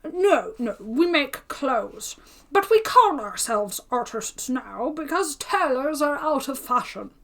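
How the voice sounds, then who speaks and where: A woman's voice: sits high, expressive, slow, bright, forceful tone, pitched above the performer's own voice, exaggerated voice. A woman doing a pompous chatty tailor. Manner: chatty, self-important, exclaiming. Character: pompous gossiping male tailor.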